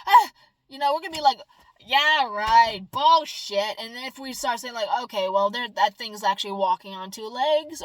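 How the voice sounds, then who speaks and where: A woman's voice: a little high, lively intonation, normal speed, no room sound, rough recording. Rambling, exclamatory woman vlogger. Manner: rambling, emphatic, swings between loud exclamations and soft asides. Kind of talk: casual vlog monologue.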